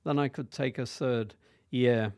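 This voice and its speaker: A man's voice: medium pitch, steady tone, unhurried, darkish tone, smooth, no room sound, clean studio sound. A man of about 60 from near Manchester, telling stories from his career as a guest, with hesitant fillers and restarts. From near Manchester, England. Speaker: hotel group chief executive, guest. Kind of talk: reminiscing storytelling.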